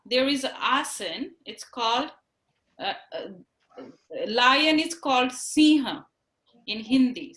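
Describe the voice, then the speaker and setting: A woman teaching a children's yoga class over a video call, patient and encouraging, speaking slowly and clearly. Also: sits high, pushed and bright, distant mic. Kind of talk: online class instruction for children. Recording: echoey room on a video call.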